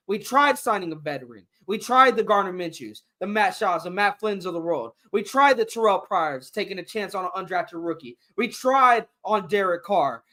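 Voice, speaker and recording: A man ranting with real frustration about his football team, swearing as he goes. His voice is bright and forceful, pushing hard on each complaint. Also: very high voice. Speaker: fan podcast host. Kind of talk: heated sports rant.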